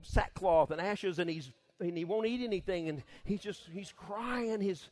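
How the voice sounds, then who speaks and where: A middle-aged man preaching a casual sermon as pastor, folksy and quick to laugh, acting out little voices. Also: sits high. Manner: laughs often, folksy and animated, acts out voices.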